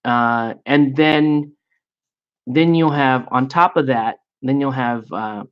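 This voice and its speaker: A man's voice: mid-range voice, slow pace, clean tone, highs cut off. A man chatting casually about a tabletop game, rambling with frequent fillers and restarts. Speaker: miniature painting and gaming host. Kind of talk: casual chat.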